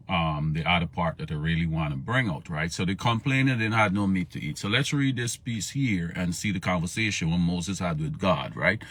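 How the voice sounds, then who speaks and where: A man's voice: fairly low pitch, bright, forceful tone, no echo. A man hosting a live morning devotional stream, talking informally, greeting viewers by name and repeating himself. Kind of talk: casual live-stream Bible talk.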